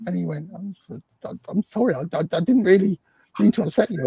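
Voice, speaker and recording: A man's voice: fairly quick, vocal fry, warm tone, breathy edge, no echo, lo-fi sound. A middle-aged British man telling a story as a guest, acting out the dialogue he quotes. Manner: acts out quoted dialogue with big swings in pitch. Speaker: guest psychologist. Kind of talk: animated storytelling in a conversation.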